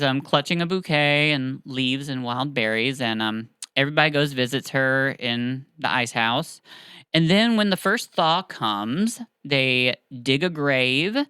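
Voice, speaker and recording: A podcast host casually retelling a story in a chatty, animated way, with filler words. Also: mid-range voice, smooth, no echo.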